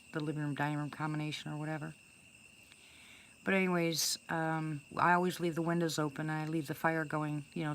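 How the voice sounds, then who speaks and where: A woman's voice: low-pitched, a little hiss or hum. An older woman casually telling a first-person story to her viewers, chatty and rambling, with many restarts and fillers. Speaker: storyteller greeting live viewers.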